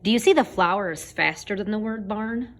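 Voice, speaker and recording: A woman's voice: mid-range voice, fairly quick, fairly bright tone. A woman teaching a casual home video music lesson, chanting words and tapping out syllables and beats.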